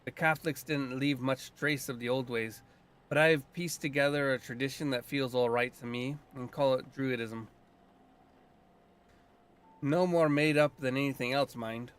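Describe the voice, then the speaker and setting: A man voicing a gruff, blunt male druid, guardian of the land, with a put-on loosely Scottish accent and a folksy, earthy manner. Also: mid-range voice, steady tone, normal speed, natural voice. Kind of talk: voicing a game character.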